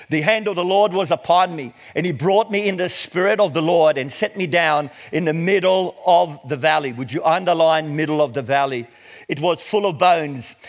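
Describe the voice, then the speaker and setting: A middle-aged man preaching a sermon, reading scripture slowly and with emphasis before explaining it. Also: fairly high pitch. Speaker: pastor.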